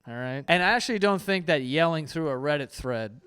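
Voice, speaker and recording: Man, 30s, host reacting to dating tips, crude joker, clear tone. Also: fairly high pitch, lively intonation, a little fast, fairly bright tone. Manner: loose, crude, joking, laughs often, mock voices. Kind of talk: casual reaction commentary.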